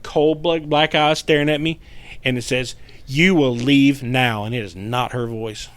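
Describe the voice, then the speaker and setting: A man's voice: fairly high pitch, moderate pace, smooth, dry recording. A man telling a spooky tale, drawl. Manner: animated, profane storyteller, acts out quotes. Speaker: guest paranormal investigator. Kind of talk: casual storytelling chat.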